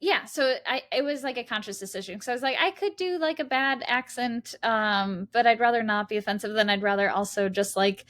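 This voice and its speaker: A woman's voice: fairly high pitch, a little fast, few pauses, fairly bright tone. A woman guest in a casual interview, talking in a loose, rambling way with many fillers and easy laughter. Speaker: guest actor.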